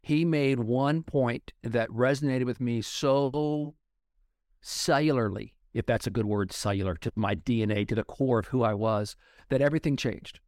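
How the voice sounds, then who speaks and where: A man's voice: mid-range voice, normal speed, darkish tone, no echo. Blunt middle-aged man in a dry room. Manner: blunt, emphatic storyteller. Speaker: guest. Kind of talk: casual podcast interview. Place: Denver.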